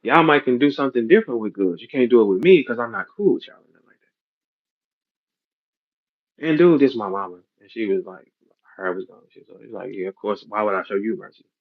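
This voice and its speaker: A man's voice: mid-range voice, animated, a little fast, long pauses. Blunt, profane man with dull audio. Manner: blunt, profane, street slang. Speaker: battle rap league owner. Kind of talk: heated podcast rant.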